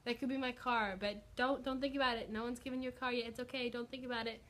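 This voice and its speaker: In her casual testimony vlog, a young woman relates a personal faith story in a bubbly, filler-heavy chat. Her voice is a little high and fairly bright, though her delivery is flat and her pace quick.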